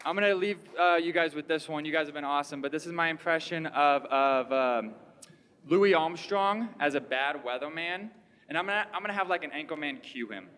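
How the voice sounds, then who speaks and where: A man doing stand-up comedy on a theater stage, animated and laughing at his own jokes. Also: on the high side, fairly quick, a little hiss or hum. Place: historic theater stage with live audience. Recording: theater hall reverb.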